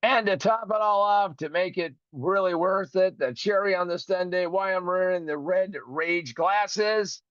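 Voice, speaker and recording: A podcast host, recovering from a broken finger, launches into a profane, indignant rant on his own show, playing both sides of a phone call. His voice sits high and a bit bright, unhurried, in a dry recording.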